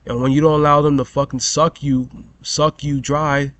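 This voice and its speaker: A man's voice: fairly high pitch, level tone, normal speed, fairly bright tone, no echo. Young man ranting, swearing, rambling. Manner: rambling, heavy on "bro" and "you know", swears constantly. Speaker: vlogger. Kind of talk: profane storytelling rant.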